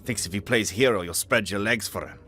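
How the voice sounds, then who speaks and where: A man's voice: on the low side, a little fast, pushed and bright, soft background music, voice pushed up. A man voicing a violent, hot-tempered scammer husband who snarls and roars threats. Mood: scheming anger.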